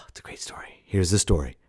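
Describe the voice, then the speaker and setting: A man in his thirties hosting his own podcast, talking loudly and casually in a rambling, jokey way with sudden shouted bits. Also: moderate pace. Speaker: podcast host. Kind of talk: casual solo podcast monologue.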